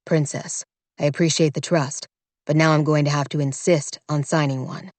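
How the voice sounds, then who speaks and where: A woman's voice: fairly even intonation, moderate pace, a little mellow, dry recording, lightly acted. A woman voicing a blunt, wry young man who looks out for his little sister. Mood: firm. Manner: wry and plain-spoken, lowered voice. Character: blunt, protective young man, big brother. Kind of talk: audiobook character voice.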